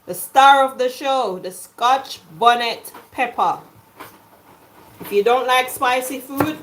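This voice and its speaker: A middle-aged Jamaican woman chatting through a home cooking video in her kitchen, jokey and quick to laugh. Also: on the high side, a bit bright, slight background noise. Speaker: cooking vlogger. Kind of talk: casual cooking chat.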